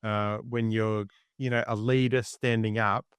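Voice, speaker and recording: Smooth-voiced male podcast host. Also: fairly low pitch, little pitch movement, a little slow, no echo. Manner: searching, hesitant questioning. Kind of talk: interview question.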